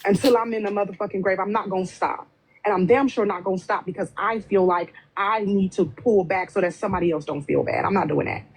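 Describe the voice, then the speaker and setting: Husky woman ranting on a livestream. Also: medium pitch, fairly quick. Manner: blunt, profane, confrontational. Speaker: livestream panel speaker. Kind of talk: heated livestream argument.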